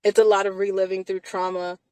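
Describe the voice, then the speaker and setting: A woman's voice: medium pitch, flat delivery, fairly quick, mellow, clear, resonant tone, dry recording, low-quality recording. A woman hosting a casual live chat from inside a car, talking emphatically and laughing often between phrases.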